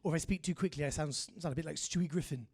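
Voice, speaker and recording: A man's voice: fairly high pitch, very fast, a little mellow, husky. A man with a posh English accent performing a wry, self-mocking stand-up set on a comedy club stage. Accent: English upper-class. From England.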